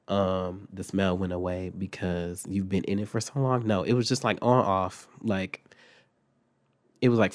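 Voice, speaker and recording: A young man, recovering from an illness and sounding congested, telling a story casually and profanely with big jumps in pitch. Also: darkish tone, no echo. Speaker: vlogger.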